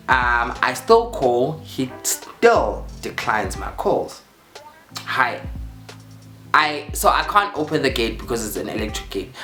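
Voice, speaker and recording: South African man telling a dramatic story. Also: mid-range voice. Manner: animated, dramatic storytelling with repeated phrases and voiced quotes. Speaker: vlogger. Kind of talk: storytime vlog. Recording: roomy echo with faint music.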